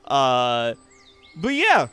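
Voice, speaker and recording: A man narrating a tabletop game as game master, animated and laughing often. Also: medium pitch, extremely slow, clear, resonant tone, faint music behind.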